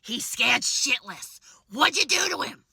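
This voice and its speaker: A woman's voice: high-pitched, sing-song, measured pace, gravelly, sharp tone, breathy edge, dry recording, studio quality, voice pushed up, exaggerated voice. A woman voicing a brash, bird-obsessed woman homeowner who scolds coarsely and dotes on her bird. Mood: scolding.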